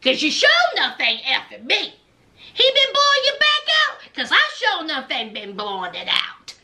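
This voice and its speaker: Woman doing a jealous middle-aged man, shrill ranting voice, high and jumpy, fast accusing rant. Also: expressive, pushed and bright, heavily acted.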